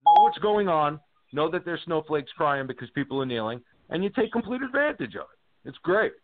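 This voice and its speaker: A man's voice: on the high side, very animated, a little fast, no room sound. A man hosting a casual sports podcast, telling joking stories with some swearing. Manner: loose, joking storyteller who swears. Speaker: podcast host. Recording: phone-like dry line.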